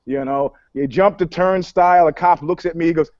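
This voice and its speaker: A man from New York co-hosting a casual talk show, telling stories in a profane, animated way and acting out the dialogue. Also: fairly high pitch, normal speed, no room sound, highs cut off. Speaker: podcast co-host, PR commentator.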